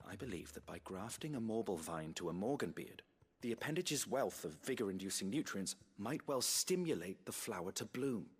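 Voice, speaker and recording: An actor playing a fussy, earnest botanist in a game who speaks in a wordy, formal way. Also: male voice, lowish voice, lively intonation, moderate pace, breathy edge.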